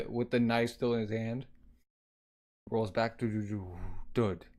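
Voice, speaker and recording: A man's voice: lowish voice, little pitch movement, takes it slowly, darkish tone. A man casually reading a manga aloud, narrating the action and speaking the sound effects. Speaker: manga reader.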